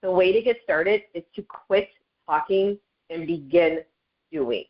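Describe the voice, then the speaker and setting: A woman's voice: on the low side, a little slow, lo-fi sound. A woman sharing her story in a casual motivational talk on a group call, chatty and earnest, often speaking to listeners as "you guys". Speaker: network marketing leader sharing her story.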